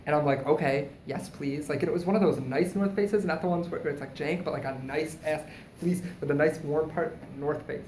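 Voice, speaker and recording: A chatty show host telling animated stories in a casual, playful way. The voice leaps up into a squeaky register to quote people. The recording is echoey, with faint ambience in the room. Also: brisk, a little hiss or hum. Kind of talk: casual chat.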